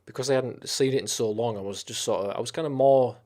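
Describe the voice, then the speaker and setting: A man's voice: mid-range voice, fast, darkish tone. A man streaming live, chatting casually about films, with lots of swearing and rambling enthusiasm.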